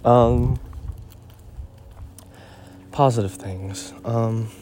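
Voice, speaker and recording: Walking his dog outside, a teenage boy who hosts a podcast rants into his phone in a casual, rambling monologue packed with "like" and "um." His male voice is medium-pitched, steady and warm, very slow, with slight background noise.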